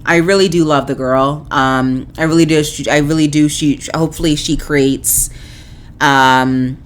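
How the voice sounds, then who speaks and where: A woman with a low voice talks through her opinions in a casual podcast. She is chatty and opinionated, and often restarts her sentences with fillers. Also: fairly bright tone. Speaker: podcast host. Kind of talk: casual commentary on a reality show.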